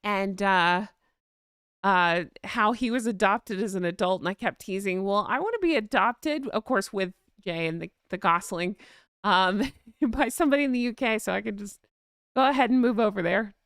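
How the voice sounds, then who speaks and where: A woman's voice: mid-range voice, moderate pace, fairly bright tone, clear, resonant tone, dry recording, studio quality. A woman hosting a casual live-stream chat, reading out viewer comments in a chatty, gushing way and laughing often.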